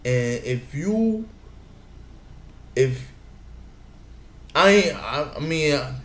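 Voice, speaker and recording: A man's voice: on the high side, lively intonation, takes it slowly, long pauses. Rambling man in an echoey room. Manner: meandering, repeats himself, says "you know what I'm saying" often. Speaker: vlogger giving advice. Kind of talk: rambling casual monologue. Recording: echoey room with faint background noise.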